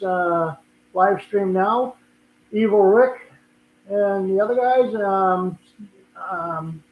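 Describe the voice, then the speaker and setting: An older man with a Boston accent, hosting a casual live stream and chatting in a rambling way, often restarting his sentences. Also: high voice. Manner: rambling, repeats and restarts words. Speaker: livestream host. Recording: echoey room, tinny phone-like sound.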